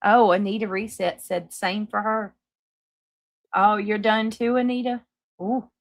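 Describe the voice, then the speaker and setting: A woman's voice: medium pitch, steady tone, measured pace, no echo. A woman with a Southern accent hosting a live stream, chatting casually with viewers and swearing freely. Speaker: livestream host. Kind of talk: casual live chat reading comments.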